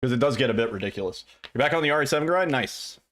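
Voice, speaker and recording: A man, streaming from his desk at home and chatting with his viewers in a relaxed way. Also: mid-range voice, racing. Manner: laid-back, chuckling, greets chat by name. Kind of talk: casual livestream chat with viewers.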